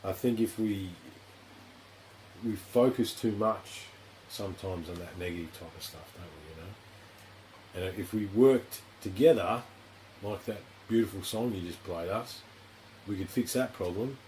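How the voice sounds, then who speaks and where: In an unhurried, lowish, slightly mellow voice, an Australian podcast host rambles through a casual studio interview. He's frank, swears heavily, and keeps saying "you know." The recording is rough, with a little hiss or hum.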